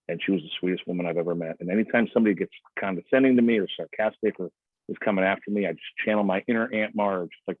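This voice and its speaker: A man's voice: low voice, no echo. A man coaching on a video call in a conversational way, acting out quoted speech in other voices. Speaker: sales trainer. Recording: tinny phone-like line, dry.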